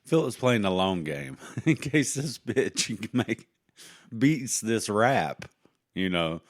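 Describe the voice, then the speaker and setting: Joking man with a lowish voice. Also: expressive. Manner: rambling, joking, laughs a lot, halting restarts. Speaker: podcast co-host. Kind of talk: joking podcast banter.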